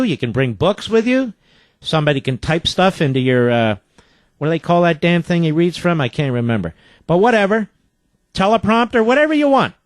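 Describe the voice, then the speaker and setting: A man's voice: fairly high pitch, no room sound. A man hosting a talk radio show, delivering a combative, sarcastic monologue.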